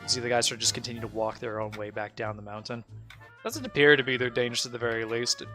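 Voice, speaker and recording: A man's voice: mid-range voice, quick pace, bright, forceful tone, faint music behind. A man narrating as game master in a tabletop game, casual and rambling, with many fillers.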